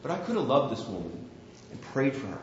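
A man's voice: mid-range voice, sing-song, brisk, slight background noise. Candid preaching man in echoey hall. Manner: candid, self-deprecating storytelling. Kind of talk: sermon with personal anecdote. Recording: very echoey, slightly dull room recording.

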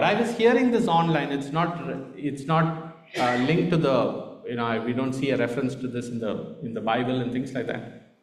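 Man with indian accent, conversational sermon, slightly raised voice, echoey room. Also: on the high side. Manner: conversational, frequent "right?" tags. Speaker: preacher.

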